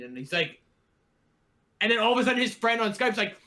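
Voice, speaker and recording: Young male podcast host, bright tense voice, animated storyteller who acts out his quotes. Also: sits high, a little fast, pauses often. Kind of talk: casual storytelling.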